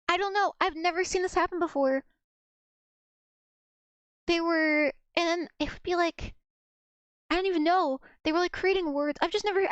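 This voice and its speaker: Young woman streamer, high voice, dry close sound, rambling and giggly. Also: no echo. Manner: chatty, giggly, rambling storyteller. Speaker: streamer learning Russian. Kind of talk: casual livestream chat.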